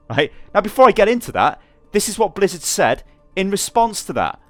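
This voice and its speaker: Man, young, sarcastic ranting commentary, lively voice, dry recording, faint background music. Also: sits high, brisk, dry recording. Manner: exasperated, sarcastic, swears freely. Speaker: gaming commentator.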